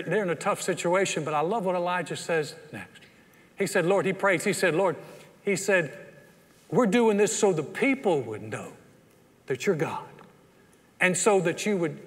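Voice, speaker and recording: A man with a Texan accent preaching a sermon as pastor, telling the story with animated energy and acting out the quotes. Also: on the high side. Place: church sanctuary. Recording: long church hall reverb.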